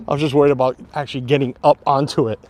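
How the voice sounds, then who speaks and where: A man's voice: medium pitch, flat delivery, very fast, a little mellow. A man live-streaming a walking tour outdoors, chatting to his viewers as he goes. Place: outdoors on a quiet street and mansion grounds. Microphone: phone or camera on a tripod.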